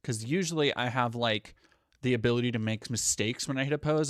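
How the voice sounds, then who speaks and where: A man's voice: medium pitch, fairly quick, a bit bright, dry recording, studio quality. A man streaming live, chatting casually and profanely while reading out viewer comments. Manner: rambling, profane, reads chat aloud. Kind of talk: casual livestream chat.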